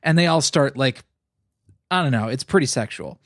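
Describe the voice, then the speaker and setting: A man co-hosting a movie podcast in casual chat, blunt and expressive, swearing freely. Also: mid-range voice, normal speed, dry recording, clean studio sound. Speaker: podcast co-host.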